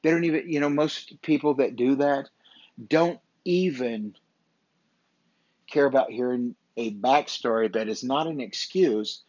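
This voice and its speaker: A male motivational podcaster with a mid-range, somewhat dark voice delivers his lines at a measured pace. His style is blunt, forceful, profane and repetitive. There's no echo, and the audio sounds dull, dry and lo-fi.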